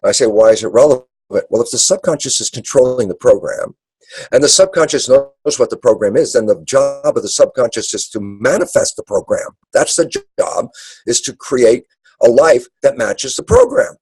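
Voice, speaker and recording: A man's voice: medium pitch, sing-song, darkish tone, husky, dry recording, poor audio. A man giving an emphatic talk, acting out little dialogues as he goes. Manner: acts out dialogues in quick asides. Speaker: speaker. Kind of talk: animated lecture.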